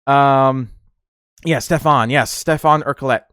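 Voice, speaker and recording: A man's voice: mid-range voice, a little slow, a bit bright, clear, resonant tone, no room sound, clean studio sound. A man hosting a podcast, rambling in casual chat with frequent laughs and fillers. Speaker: podcast host.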